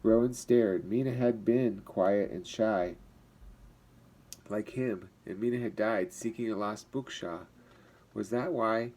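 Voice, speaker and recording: Low, mellow man reading a storybook. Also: slow, poor audio. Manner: expressive, voices the characters. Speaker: teacher reading to children. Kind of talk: reading a chapter book aloud.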